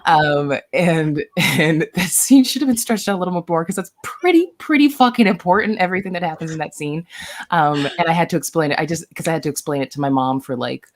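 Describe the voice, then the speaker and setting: A woman on a podcast panel, rambling and animated, swearing freely as she chats casually. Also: low-pitched, brisk.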